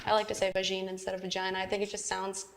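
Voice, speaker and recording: A woman's voice: mid-range voice, monotone, very fast, vocal fry, fairly bright tone, a little hiss or hum. A young woman co-hosting a casual chat show, talking freely with lots of fillers and giggles. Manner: chatty, many fillers, giggly. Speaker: co-host.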